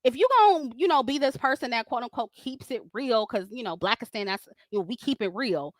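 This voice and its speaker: A woman's voice: fairly high pitch, lively intonation, a little fast, no echo, clean studio sound. A woman hosting a livestream, ranting at critics in a confrontational, profane way, laughing often as she reads super chats.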